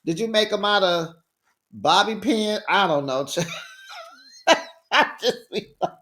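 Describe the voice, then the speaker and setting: A man with a somewhat high voice hosts a casual reality TV recap. He talks in a sassy, gossipy way, laughs often and drops in words like child and honey. He moves between loud remarks and quiet asides. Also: expressive, slow pace.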